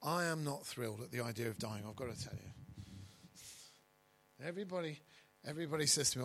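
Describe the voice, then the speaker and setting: A man preaching a sermon as pastor, stressing key words loudly and dropping to quiet asides. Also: mid-range voice, lively intonation, fairly quick, gravelly, long pauses, poor audio. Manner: emphatic, swinging between loud stresses and quiet asides.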